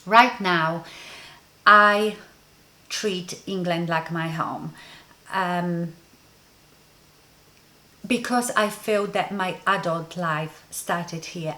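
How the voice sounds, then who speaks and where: A Polish beauty vlogger, a native speaker with a Polish accent, tells her viewers a personal story in a rambling, conversational story-time monologue full of ums. Her voice is fairly low in pitch with a fairly bright tone.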